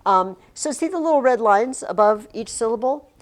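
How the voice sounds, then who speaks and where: A woman teacher talks to her class in a chatty, rambling style, frequently breaking off mid-sentence. Her voice is a little high, with lively intonation and a moderate pace.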